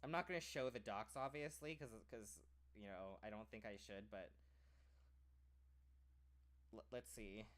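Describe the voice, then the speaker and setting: A man's voice: lowish voice, unhurried, long pauses, fairly bright tone. An American man talking in a casual, rambling way, with many "like"s and restarted phrases. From United States. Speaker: streamer.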